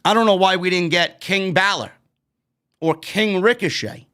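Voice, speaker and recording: A man's voice: high voice, moderate pace, pushed and bright, smooth. A man with a New York accent giving a blunt, profane, exasperated review of a wrestling show. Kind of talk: profane ranting commentary.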